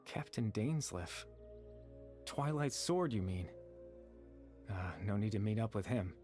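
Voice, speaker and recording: A man voicing a gentle young man who exists only in people's memories, explaining things in a calm, measured way in a game cutscene. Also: on the low side. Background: faint game music.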